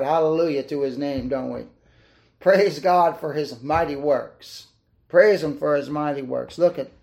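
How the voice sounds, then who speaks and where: Fervent male preacher with a slightly high voice, reads scripture and exclaims. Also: creaky, a little mellow. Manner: fervent, exclaiming and asking the listeners questions; reads scripture aloud in old-fashioned wording. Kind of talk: sermon.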